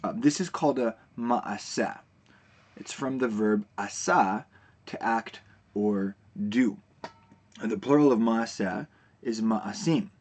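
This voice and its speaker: A man teaching a recorded video lesson, explaining terms in a relaxed way with frequent fillers and restarts. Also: on the low side, slow.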